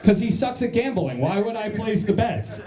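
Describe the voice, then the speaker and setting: A man's voice: sits high, big pitch swings, normal speed, roomy sound. A man from New Jersey doing a stand-up set in a comedy club, crude and self-mocking, riffing with the crowd.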